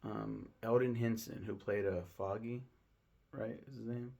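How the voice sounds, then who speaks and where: A man's voice: on the low side, fairly even intonation, unhurried, vocal fry, a little mellow. A man recapping a film in a casual, rambling way, full of ums, restarts and swearing. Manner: rambling, lots of ums and profanity. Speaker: film reviewer.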